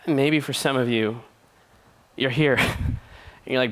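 An earnest young man preaches to a youth group in a conversational tone. He slips in light, playful asides between the serious points. His voice sits at an everyday middle pitch. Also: steady tone, measured pace, a bit bright. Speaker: youth pastor. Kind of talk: sermon.

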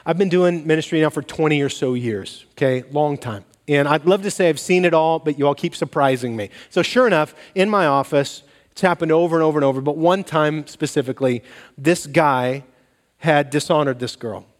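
A man's voice: fairly high pitch, fairly quick. A man preaching a sermon as pastor, telling stories and acting out bits of dialogue. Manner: animated storytelling, acts out dialogue. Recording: long reverb of a large hall.

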